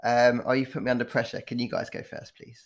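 A man co-hosting a podcast, speaking hesitantly and softly in casual chat. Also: mid-range voice, monotone, fast. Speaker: podcast co-host.

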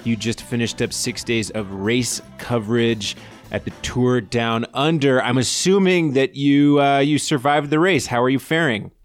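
A man hosting a podcast, talking in a quick, upbeat, chatty way as he opens the show and questions his guest. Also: medium pitch, faint music behind. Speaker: podcast host. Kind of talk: casual podcast interview. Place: Boulder, Colorado studio.

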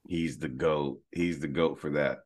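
Deep-voiced laid-back podcast co-host. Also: male voice, fairly even intonation, a little slow. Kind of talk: casual podcast chat.

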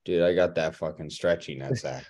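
A man with a very deep, low voice tells crude stories in a blunt, offhand way. It is loose, casual podcast banter. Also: fairly even intonation, moderate pace, darkish tone.

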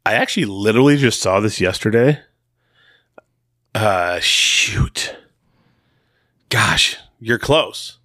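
A man's voice: on the low side, animated, slow pace, pauses often, pushed and bright, no room sound, studio quality. Laid-back man telling podcast stories. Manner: laid-back, storytelling with playful asides. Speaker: podcast co-host. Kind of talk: casual podcast chat.

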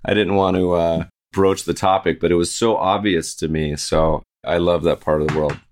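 A man's voice: low-pitched, steady tone, normal speed, a little mellow. An American man hosting a podcast, chatty and upbeat, introducing his guest, reading an ad and joking around. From United States. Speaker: podcast host. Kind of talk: casual interview chat and read ad.

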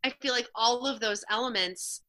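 A woman's voice: a little high, pushed and bright. A woman co-hosting a podcast, making earnest points in casual chat, leaning on "like". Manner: earnest, leans on "like", talks quickly when hedging. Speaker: podcast co-host. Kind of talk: casual film discussion.

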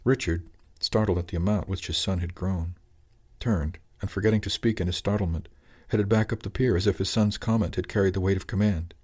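A man narrating an audiobook chapter in a calm, even storytelling manner. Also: sits low, brisk, husky.

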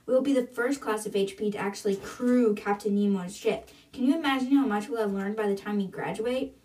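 A woman's voice: mid-range voice, mellow, lightly acted. A woman voicing a determined teen girl who leads her classmates, speaking steadily and persuasively, a bit far from the mic.

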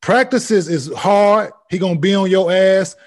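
Podcast host, man, relaxed and profane, somewhat high voice. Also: unhurried. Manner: relaxed, laid-back, profane. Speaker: podcast host, former college basketball player. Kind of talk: casual chat.

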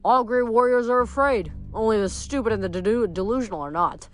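A woman voicing a stern, proud male war god from a storybook who speaks in a warm, commanding way. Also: medium pitch, normal speed, faint music behind, lightly acted.

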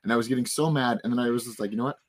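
A man in his twenties with a hoarse voice, hosting a podcast in casual chat and telling stories in an animated way. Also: medium pitch, racing. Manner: animated storytelling, frustrated rants. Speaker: podcast host.

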